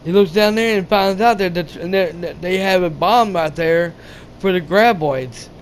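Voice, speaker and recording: Halting, high-pitched man recapping a film for his channel, faint hiss behind. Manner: rambling, halting retelling with many restarts; casual and profane. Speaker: gaming channel host. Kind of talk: casual movie recap.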